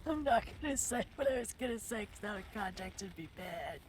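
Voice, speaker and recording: A woman playing alongside, chatting casually with teasing, excitable commentary. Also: mid-range voice, a little fast, slight background noise. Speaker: co-player. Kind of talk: casual gameplay chat.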